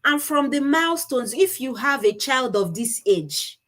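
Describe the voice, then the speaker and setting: A woman's voice: high voice, animated, measured pace, a bit bright. A woman giving a conference talk with slides, explaining step by step and stopping to correct herself. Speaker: conference speaker on child speech disorders.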